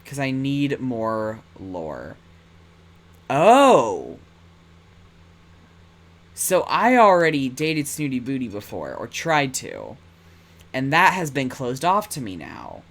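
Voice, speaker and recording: A man streaming a game, reacting with excitable, swearing casual commentary. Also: medium pitch, slow pace. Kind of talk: casual game commentary while reading aloud.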